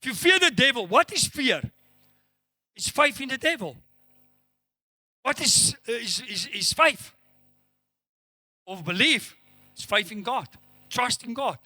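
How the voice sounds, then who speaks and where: A man's voice: very high voice, expressive, unhurried, pauses often, pushed and bright, no echo. A middle-aged man preaching a sermon as pastor, acting out the dialogue he quotes with rising emphasis. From South Africa.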